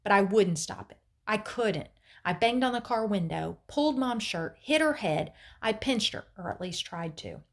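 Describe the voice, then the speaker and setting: Teacher reading a novel aloud. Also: female voice, medium pitch, expressive, normal speed.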